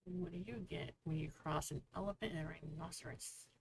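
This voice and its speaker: A woman's voice: low-pitched, steady tone, a little fast, noisy background. A woman hosting a casual author livestream, chatty and telling jokes to viewers. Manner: chatty, joke-telling, reads viewer comments aloud.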